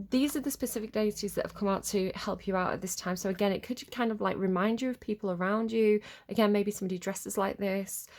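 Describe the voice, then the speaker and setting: A woman giving a casual collective tarot reading to camera, chatty and rambling with lots of filler words. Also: mid-range voice. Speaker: tarot reader.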